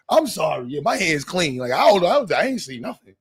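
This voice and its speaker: A young man hosting a livestream panel, talking in slang, animated and joking, reading the chat aloud. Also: a little high, fairly quick, husky, dry recording. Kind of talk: casual livestream talk. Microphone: streaming mic.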